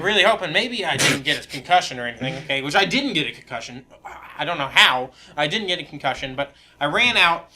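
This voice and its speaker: A young man co-hosts a casual podcast, his voice a little high, bright and forceful. He tells stories animatedly in a relaxed, chatty way and laughs often.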